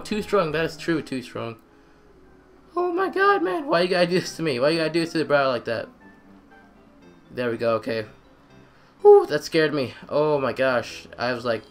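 Excitable young man narrating gameplay. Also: medium pitch. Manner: excitable, trash-talking, repeats phrases. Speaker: gamer. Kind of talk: let's play commentary.

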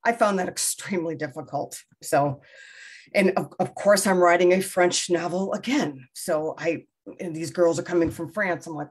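A woman's voice: fairly low pitch, normal speed, husky. A middle-aged woman novelist in a casual interview, talking in a rambling, self-deprecating way with many restarts. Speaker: debut novelist being interviewed.

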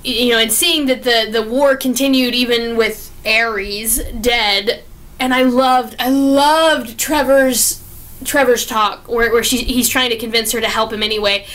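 A young woman giving a casual, gushing spoken movie review, excitable and full of restarts. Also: a little high, unhurried.

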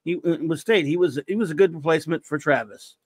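A man hosting a podcast in a casual, rambling way, reading out listener reviews and breaking into jokes and bursts of shouting. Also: fairly high pitch, fast, slightly rough, no room sound. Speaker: podcast host.

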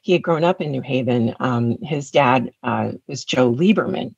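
A woman's voice: very deep voice, moderate pace, creaky, husky, dry recording, muffled recording. A woman in her fifties from West Tennessee with a Southern accent, telling her life story in an interview and laughing often. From West Tennessee, USA. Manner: frequent laughter, animated storytelling. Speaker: guest.

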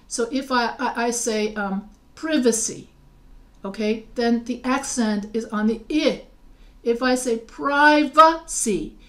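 A woman teaching writing, explaining spelling rules patiently, often restarting and spelling words out letter by letter. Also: mid-range voice. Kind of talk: recorded lecture over slides.

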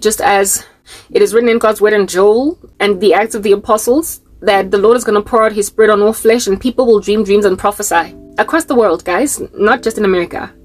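A woman from Africa, delivering a fervent Christian vlog monologue full of rhetorical questions and rambling asides. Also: medium pitch. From South Africa. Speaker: Christian YouTuber.

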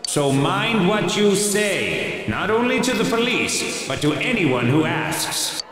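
A man's voice: high voice, sing-song, takes it slowly, a crowd in the background, full character voice. A man voicing a stern school official making a formal announcement to students in a video game. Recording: echoey hall from far off, with music.

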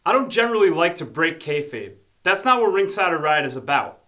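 A man's voice: fairly high pitch, very animated, brisk, bright, forceful tone. A man hosting a comedic wrestling commentary show, sardonic and mock-arrogant. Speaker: host.

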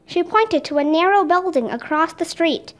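A woman narrating a children's audiobook in a steady, clear way. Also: very high voice, moderate pace. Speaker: reader.

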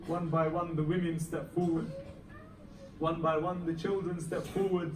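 A man's voice: fairly high pitch, little pitch movement, normal speed, slight background noise. A man giving an emotional Muharram sermon, telling the story with dramatic rises and falls in intensity. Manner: dramatic, rising and falling intensity. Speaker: Muharram lecturer. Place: mosque hall. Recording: echoey hall, recorded from far off, faint ambience.

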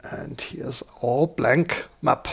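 A man with a croaky, slightly hoarse voice, walking through a software demo live and thinking aloud with lots of fillers. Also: mid-range voice, drawn-out words, a little hiss or hum. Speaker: software tutorial presenter. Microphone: desktop microphone.

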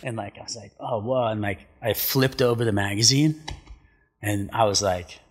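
Laid-back husky-voiced man telling stories. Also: fairly low pitch, normal speed. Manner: laid-back, swears a lot, acts out quotes. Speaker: podcast guest, pro surfer. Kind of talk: casual storytelling. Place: studio.

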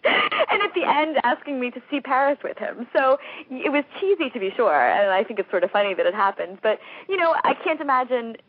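A woman's voice: high-pitched, lively intonation, brisk, slightly rough, dry recording. Chatty woman novelist on a tinny phone line. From United States. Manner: chatty, laughs often, many fillers. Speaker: novelist guest. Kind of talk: interview over a phone line.

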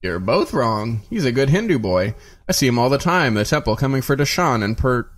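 A man's voice: medium pitch, very animated, fairly quick. A man voicing a scornful, blunt Hindu pandit who dismisses rivals in an audiobook reading.

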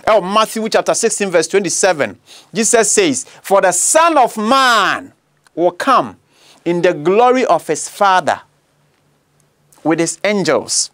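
Emphatic Ghanaian man preaching with lively pitch. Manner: emphatic, slow and deliberate, with rhetorical questions. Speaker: preacher and apologist. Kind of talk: bilingual teaching sermon.

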